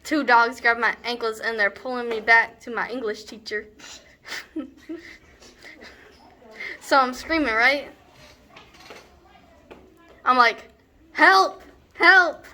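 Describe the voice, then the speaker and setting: A woman's voice: a little high, fairly even intonation, slow pace, pauses often, pushed and bright. Young woman playing a scornful rambling teen girl. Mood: exasperated. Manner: sarcastic, rambling, full of "like". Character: brash teenage girl, scornful, rambling storyteller. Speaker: student actor. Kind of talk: comedic stage monologue.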